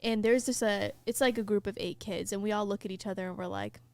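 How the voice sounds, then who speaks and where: A woman's voice: medium pitch, quick pace. A young woman hosting a podcast, telling a story animatedly with lots of "like" and laughter. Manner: animated storyteller, heavy use of "like", laughs mid-sentence. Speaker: podcast host. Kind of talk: casual chat, storytelling.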